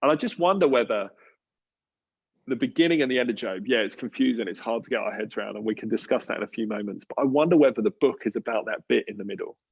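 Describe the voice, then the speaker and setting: A man's voice: mid-range voice, quick pace, vocal fry, breathy edge, muffled recording. A man with an Australian accent hosting a church panel, talking through a passage in a conversational, thoughtful way with many fillers and restarts. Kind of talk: casual talk on a live panel.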